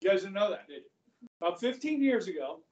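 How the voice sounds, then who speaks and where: Man, teacher, high voice, muffled lo-fi classroom recording. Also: very animated, brisk, a little mellow, recorded from a distance. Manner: chatty, keeps checking in with "okay?". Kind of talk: classroom lecture with anecdotes.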